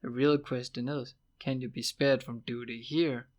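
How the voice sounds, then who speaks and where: A dry, thoughtful old ranger teacher, as a man reading an audiobook puts him on. He speaks low and measured, with understated teasing. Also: little pitch movement, natural voice.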